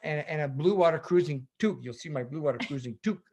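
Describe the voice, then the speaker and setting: A man giving a storytelling talk over a video call, animated and rambling, often chuckling as he goes. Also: fairly high pitch, quick pace, a little hiss or hum. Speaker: sailor giving a presentation.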